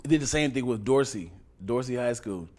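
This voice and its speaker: A man's voice: medium pitch, animated, brisk, darkish tone. A man in his thirties on a podcast, telling loose stories in casual chat, acting out crying children and angry dads, laughing often. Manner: loose storyteller, laughs, acts out voices. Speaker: podcast co-host.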